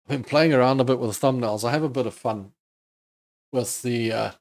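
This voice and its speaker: A man's voice: medium pitch, a little fast, gravelly, a little mellow. A man hosting a live trading stream, casually thinking aloud over charts and chatting with viewers. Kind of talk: live market commentary.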